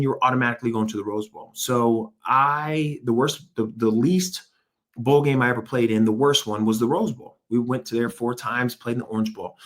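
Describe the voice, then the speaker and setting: A middle-aged man, a former pro football player, telling his story in an interview with an emphatic, motivational manner. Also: mid-range voice. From United States. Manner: emphatic, motivational, quotes himself and others. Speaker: guest, former NFL player and speaker.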